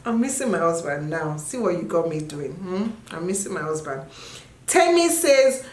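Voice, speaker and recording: Answering viewer questions in casual chat, this Nigerian woman in roughly her thirties keeps jumping into high singing and yelling. The sound is roomy.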